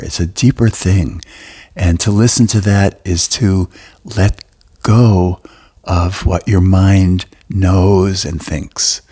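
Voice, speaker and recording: An older man talking in a gentle, soft-spoken and reflective way as a podcast co-host sharing spiritual thoughts. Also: low-pitched, husky. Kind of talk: casual spiritual talk.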